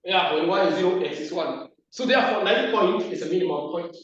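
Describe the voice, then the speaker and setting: A man's voice: high-pitched, fairly quick, a bit bright, a little hiss or hum. Guy teaching maths to a class, repeats stuff, muffled lo-fi sound from a distant mic. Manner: repeats terms, asks the class questions. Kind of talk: classroom lesson at a board. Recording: echoey room, distant lo-fi mic.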